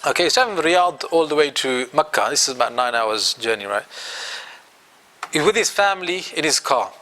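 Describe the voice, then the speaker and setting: A man with a British accent teaching an Islamic studies class, telling a story in an animated way and acting out its dialogue. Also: on the high side, a little fast, a little hiss or hum. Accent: British English.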